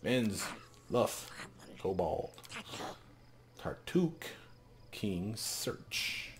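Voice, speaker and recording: A man voicing an ancient, calm male kobold elder in a fantasy game, speaking in halting broken phrases. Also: fairly low pitch, noisy background, pitched above the performer's own voice, heavily acted.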